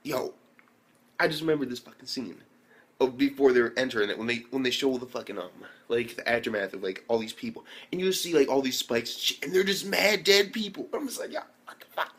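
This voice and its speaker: Excitable young man swearing through a recap. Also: mid-range voice, a little fast. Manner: excitable, heavy slang and swearing, frequent filler "like". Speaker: anime reviewer. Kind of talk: casual episode recap.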